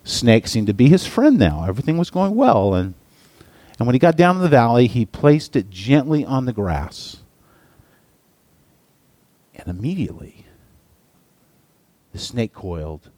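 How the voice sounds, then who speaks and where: Brief: male preacher, storytelling sermon, animated and halting, dry close sound. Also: no room sound. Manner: halting, lots of restarts and uh's, emphatic pitch swings. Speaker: pastor or Bible teacher.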